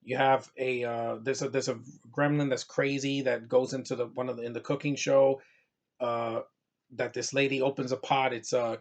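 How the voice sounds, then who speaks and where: A man from New York giving a casual, rambling movie review, full of fillers and restarts. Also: mid-range voice.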